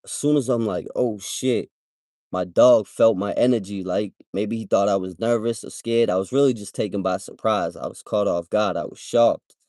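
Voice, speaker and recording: A livestream host with a lowish, dark-toned voice tells a story at normal speed in slangy, casual language, repeatedly tagging "right?" onto his sentences. The audio is studio quality with no echo.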